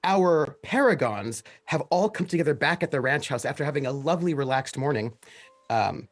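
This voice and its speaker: Lively-pitched man running a tabletop game. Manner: relaxed, explanatory, with many pauses. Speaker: game master.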